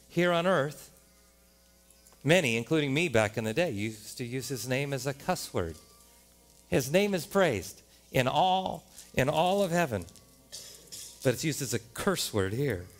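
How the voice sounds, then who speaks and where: An American man preaches to his congregation in a fairly high voice. He is animated and lively, often climbing to loud exclamations and slipping into playful rhyming runs. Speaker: pastor. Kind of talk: sermon. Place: church sanctuary.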